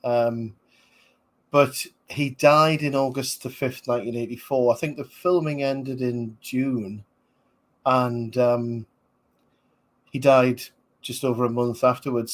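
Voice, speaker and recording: A man's voice: medium pitch, fairly even intonation, measured pace. A man, rambling casually as a podcast host reviewing a film, with many fillers. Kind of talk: casual movie commentary.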